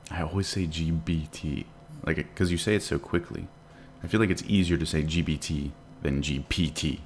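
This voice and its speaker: A man's voice: very deep voice, fairly even intonation, moderate pace, slight background noise. A man hosting a live day trading stream, chatting casually and answering viewer questions while he watches the charts. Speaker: day trading livestream host.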